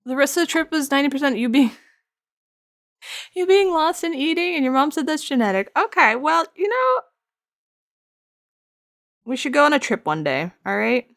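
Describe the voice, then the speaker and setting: A woman's voice: high-pitched, lively intonation, fairly quick. A woman streaming her art, chatting casually while she sculpts, rambling, laughing often and answering her chat. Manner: reads chat aloud and answers it.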